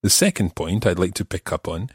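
Low husky Scottish man teaching. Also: dry recording, studio quality. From Scotland. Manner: clear, methodical, repeats examples slowly. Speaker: language teacher host. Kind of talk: explaining grammar in a podcast lesson.

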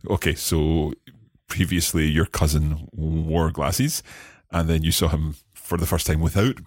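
A man co-hosting a French lesson podcast, explaining phrases slowly and patiently, often chuckling. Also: a bass voice, darkish tone, no echo, studio quality. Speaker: co-host of a French learning podcast. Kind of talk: relaxed teaching chat.

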